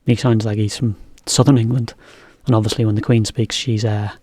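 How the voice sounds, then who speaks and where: Brief: male English teacher, casual chatty lesson, mellow tone, mid pitch, dry sound. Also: brisk, no room sound. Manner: relaxed, chatty, explains as he goes.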